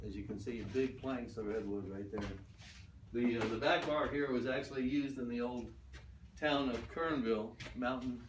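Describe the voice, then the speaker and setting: Older male tour guide, chatty storyteller, heard from afar, noisy room. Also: medium pitch. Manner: chatty, acts out quoted voices. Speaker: ghost town guide. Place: old wooden building, indoors. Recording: roomy, distant, noisy camera audio.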